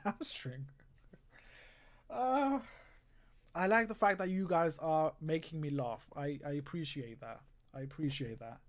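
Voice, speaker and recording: An exasperated livestream host talking through a football match in casual live commentary. The delivery is sarcastic and frustrated, often breaking into laughter, with frequent pauses to read out viewer comments. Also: mid-range voice. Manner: reads viewer comments aloud.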